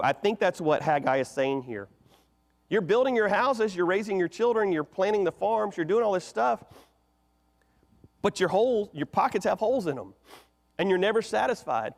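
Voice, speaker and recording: Guy preaching into a church mic, kinda high voice, big echoey hall, chatty asking-the-crowd style. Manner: conversational preaching, animated rhetorical questions. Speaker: pastor. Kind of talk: sermon. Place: church sanctuary. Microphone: microphone.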